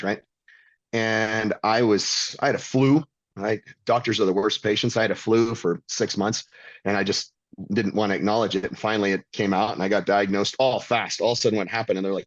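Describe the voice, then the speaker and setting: A man's voice: fairly low pitch, dry recording, lo-fi sound. A man in his fifties telling his own story in a blunt, profane, emphatic way as a podcast guest. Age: 50s. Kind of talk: casual storytelling.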